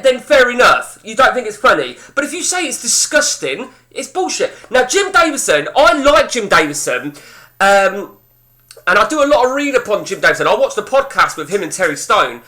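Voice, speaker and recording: A man's voice: sits high, pushed and bright. A man hosting casual gameplay commentary, chatting with viewers in a blunt, profane, ranting way. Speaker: host.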